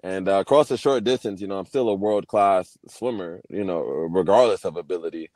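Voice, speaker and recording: A young man, a Paralympic swimmer, speaks as a guest in a casual video-call interview with a deep, slightly fast voice and a darkish tone. He talks candidly and reflectively, often restarting his sentences, and there's no echo.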